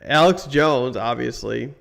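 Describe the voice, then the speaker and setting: A man's voice: medium pitch, slow pace, creaky, fairly bright tone. A man co-hosting a casual podcast chat, joking and teasing his friends. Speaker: podcast co-host.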